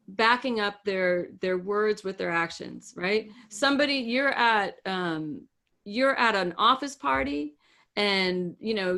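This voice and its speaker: A woman's voice: fairly high pitch, fairly bright tone. A woman co-hosting a podcast, giving firm, direct advice in casual chat and acting out example lines. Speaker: podcast co-host, relationship coach.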